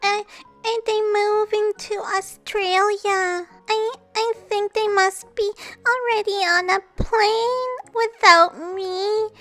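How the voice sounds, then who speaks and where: A woman acting out a scared little girl doll in a doll play story, stammering through sobs. The voice is very high and bright and moves slowly. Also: fairly even intonation, soft background music, full character voice. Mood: tearful. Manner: sobbing, stammering. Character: small lost girl doll, scared and tearful.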